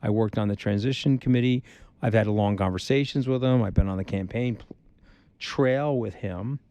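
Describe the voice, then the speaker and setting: A middle-aged man speaking as a guest in a candid conversation, hammering his points home with blunt repetition. His voice sits in a mellow, warm register, and the sound is dry and close. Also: lowish voice, normal speed, smooth, no room sound. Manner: blunt, emphatic, repeats points for force; animated storyteller who acts out quotes. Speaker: interview guest.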